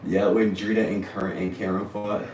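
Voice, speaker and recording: A young man tells a story on a casual livestream in an animated, rambling, foul-mouthed way. His voice sits on the low side. He sounds distant from the mic in a roomy space with a faint hiss behind him. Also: brisk. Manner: animated, rambling, profane, often laughs. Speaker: livestream host.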